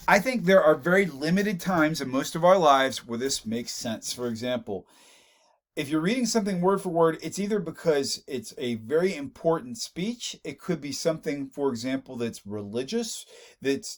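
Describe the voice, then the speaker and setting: A male instructor delivers a recorded online lecture on public speaking. His voice sits a little higher than most men's. He talks loosely and conversationally, doubling up words as he thinks.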